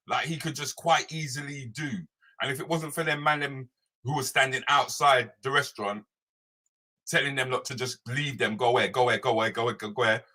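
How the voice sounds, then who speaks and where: A man hosting a live stream as a comedian, chatting loosely and greeting viewers by name. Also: mid-range voice. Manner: animated, loose, slangy, talks straight to viewers by name.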